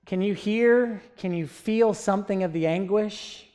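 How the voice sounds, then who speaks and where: A man's voice: high voice, a little slow, few pauses, darkish tone. A man preaching a sermon, earnest and asking his listeners rhetorical questions.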